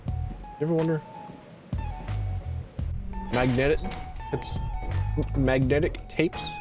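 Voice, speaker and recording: A man's voice: fairly high pitch, fairly even intonation, slow. A young man from the American South streaming a game, joking and swearing as he talks to himself and his chat. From Southern United States. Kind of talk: casual gaming stream commentary. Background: game music.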